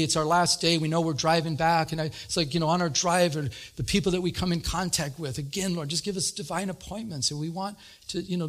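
A man preaching a sermon, telling a personal story with lively retold dialogue and growing excitement. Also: a little high. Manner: animated, retells dialogue with rising excitement. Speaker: pastor.

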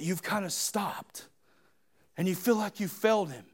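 High-voiced preacher, shouting then hushed. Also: male voice, measured pace, husky. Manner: swings between shouting and hushed retelling. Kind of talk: sermon. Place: church.

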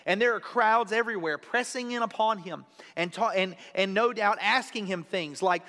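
A man's voice: high-pitched, normal speed, hardly any pauses, sharp tone, big-room sound. A man preaching an expository sermon in a conversational way, repeating key phrases for emphasis. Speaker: pastor.

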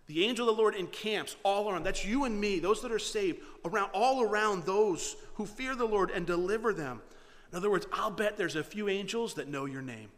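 A male pastor preaching a sermon with a fairly high voice, animated and dramatic as he retells the scripture. The sound carries a long reverb from a large hall. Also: normal speed.

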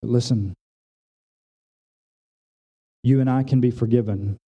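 A man preaching a sermon at a church service. He talks plainly with everyday examples and swings between raised, emphatic lines and low, hushed ones. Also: fairly even intonation, slow pace, husky, dull audio. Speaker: pastor.

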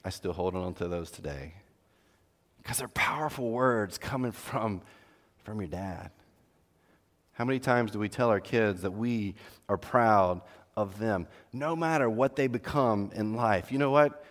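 A man's voice: lowish voice, moderate pace. Earnest preaching man in a reverberant hall. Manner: earnest, exhorting, swings between loud emphasis and hushed tenderness. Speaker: pastor. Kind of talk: sermon.

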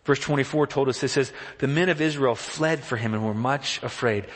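A man preaching a sermon as pastor, animated, acting out the voices in the story he reads. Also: brisk. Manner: animated, acts out quotes with rising pitch. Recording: long hall reverb.

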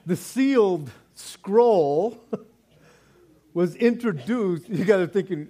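Older male pastor, fairly high voice, animated joking sermon delivery. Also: slow pace. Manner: animated, joking preacher with many restarts.

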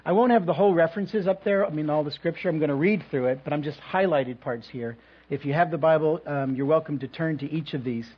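A male pastor delivering a sermon in a measured way, with reflective pauses and touches of light humor. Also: fairly high pitch, husky. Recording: dull lo-fi recording.

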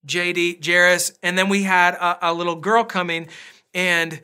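A man's voice: sits high, steady tone, normal speed, bright, forceful tone, smooth. A man pastor preaching a casual, conversational sermon, telling family stories with self-deprecating asides.

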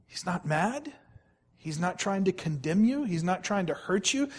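With a notably high, animated voice, a male pastor preaches a sermon, repeating phrases and slowing right down to stretch out and stress key words. He emphatically keeps putting direct questions to the congregation.

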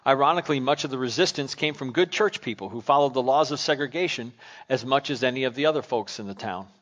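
A man preaching a sermon from the pulpit, with a middle-pitched voice. He tells a story and then puts searching questions to his listeners. His delivery is earnest. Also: fast, a bit bright. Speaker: pastor.

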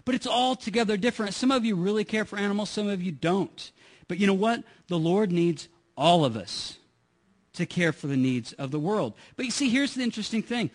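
A middle-aged man preaching a sermon in a conversational way, often repeating words as he restarts. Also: sits high. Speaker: pastor.

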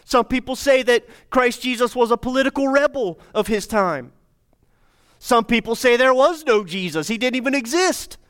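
This pastor has a very high, smooth voice with a fairly bright tone. He addresses his congregation head-on during the sermon, circling back to the same phrases and asking rhetorical questions.

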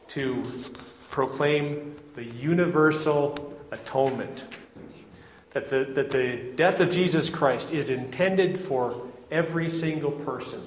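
A man's voice: mid-range voice, slight background noise. Earnest preacher man in echoey hall. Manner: earnest and deliberate, with frequent restarts. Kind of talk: expository sermon. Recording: echoey hall with faint ambience.

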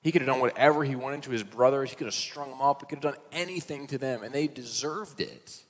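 A man's voice: medium pitch, quick pace. A male pastor giving a sermon, retelling a story in a conversational way with casual asides. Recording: reverberant hall.

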